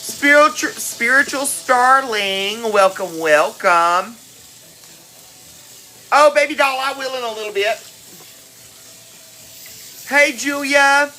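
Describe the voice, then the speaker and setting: A woman's voice: a little high, expressive, slow pace, pauses often, sharp tone, slight background noise, low-quality recording. A woman hosting a cooking livestream, greeting viewers by name in a chatty, affectionate way. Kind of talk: casual live-stream chat. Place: home kitchen.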